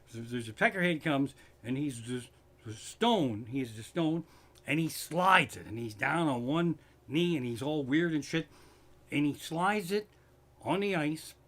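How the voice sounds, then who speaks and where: A man's voice: a little high, animated, measured pace, a bit bright. A man doing profane, worked-up stand-up comedy, streamed live from his living room, with a Pennsylvania accent.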